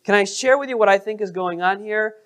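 Expressive pastor questioning a congregation. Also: mid-range voice, fairly quick. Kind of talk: sermon.

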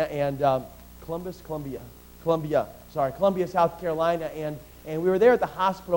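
With a slightly high voice and poor audio, a middle-aged preacher alternates between forceful, loud proclamations and hushed, personal stories. He frequently repeats himself and restarts phrases.

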